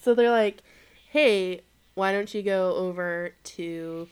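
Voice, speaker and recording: A woman co-hosts a laid-back podcast, her voice smooth and clear at a middle pitch. She recaps an episode in loose, swear-sprinkled chat, full of fillers and asides. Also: slow pace. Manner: relaxed, swears casually, lots of fillers. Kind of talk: casual chat.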